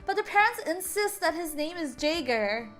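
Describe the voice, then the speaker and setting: A young woman streamer reading game dialogue aloud between chatty, animated stories, often stumbling over words and laughing. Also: very high voice, normal speed, soft background music. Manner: animated storytelling.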